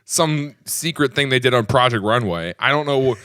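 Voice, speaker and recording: A young man co-hosting a casual podcast, talking with animated exasperation and frequent laughter. His voice is bright and a little high, swinging widely in pitch. The sound is dry and close. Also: normal speed, smooth, no echo. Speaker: podcast co-host. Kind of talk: casual chat.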